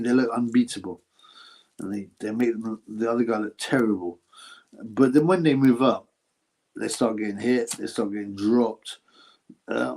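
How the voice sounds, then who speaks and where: A British man with a medium-pitched, gravelly, darkish voice hosts a live stream. He reads out viewer questions and answers them bluntly, crudely and casually in relaxed live-chat commentary.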